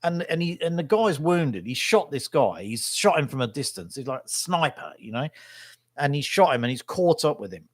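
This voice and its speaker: In a casual, rambling vlog monologue, this middle-aged local newspaper photographer speaks his mind bluntly and keeps tacking "right?" onto his sentences. He talks at a normal speed in a high-leaning, sing-song voice, recorded to studio quality with no room sound.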